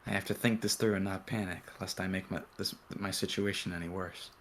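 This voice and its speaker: A young man reading first-person narration from a visual novel aloud on a group stream, earnest and measured, with small slips. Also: low voice, steady tone, fairly bright tone, a little hiss or hum. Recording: music clearly audible behind.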